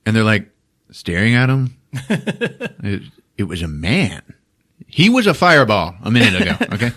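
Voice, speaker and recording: Animated man retelling a movie. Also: fairly low pitch, moderate pace. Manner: animated storyteller, laughing, swearing. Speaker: podcast host. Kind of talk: casual comedic movie recap.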